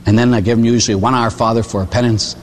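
An older priest from Pittsburgh preaching a homespun sermon, his middle-pitched voice trailing off into a long church reverb. He tells stories, breaks in with little tag questions and acts out the people he talks about. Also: fairly even intonation, rapid-fire, slight background noise. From Pittsburgh, USA.

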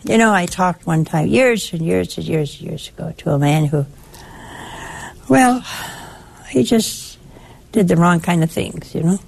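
An older woman giving a sermon in a conversational, lively way, teasing and chiding her listeners affectionately. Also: fairly low pitch, unhurried, gravelly, long pauses, husky. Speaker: preacher.

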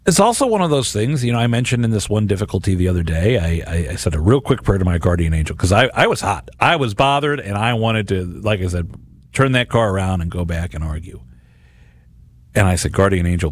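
A man's voice: low voice, husky. A middle-aged man hosting a radio reflection on scripture, talking earnestly and conversationally with frequent restarts. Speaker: radio host. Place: radio studio.

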